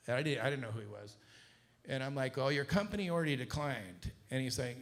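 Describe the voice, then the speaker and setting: A middle-aged man from Southern California telling a business story to an audience, acting out the quoted voices with a rising pitch. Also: fast, vocal fry. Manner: animated, acts out quoted dialogue with rising pitch. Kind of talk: casual storytelling talk to an audience.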